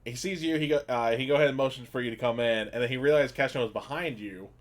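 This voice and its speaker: A man narrating a tabletop game as game master, in a casual, relaxed way. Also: medium pitch, quick pace. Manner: casual, relaxed storytelling with fillers.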